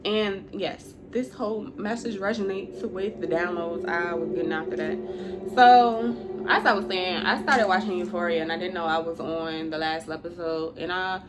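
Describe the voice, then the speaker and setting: A woman's voice: fairly low pitch, moderate pace. A woman giving a casual spiritual talk to her viewers. She is chatty, calls them y'all and laughs often. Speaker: intuitive spiritual reader. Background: music.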